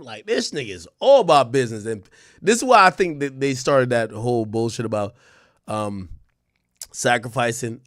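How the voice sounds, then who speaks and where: A man's voice: medium pitch, animated, normal speed, dry recording, studio quality. A young man from Jamaica with a Jamaican accent, hosting a livestream and telling profane stories with many restarts. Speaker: livestream host. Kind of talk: casual commentary.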